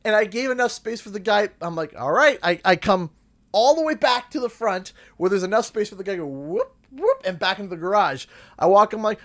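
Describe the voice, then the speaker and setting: A man's voice: high voice, brisk. A man with a Canadian accent, telling a story in a casual livestream chat and acting out the people in it. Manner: animated, acts out the people in his stories. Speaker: streamer.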